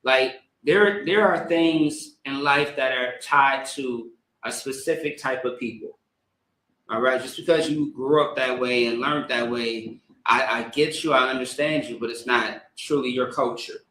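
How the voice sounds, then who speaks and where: Male service leader, sermon; stammering scripture reading into casual rambling preaching; bright tone, roomy echo. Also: medium pitch, slight background noise. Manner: halting, stammering repeats while reading. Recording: echoey room.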